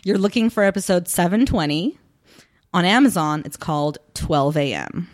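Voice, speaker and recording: A woman's voice: on the low side, animated, normal speed. Chatty, giggly woman podcast co-host. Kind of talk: casual chat.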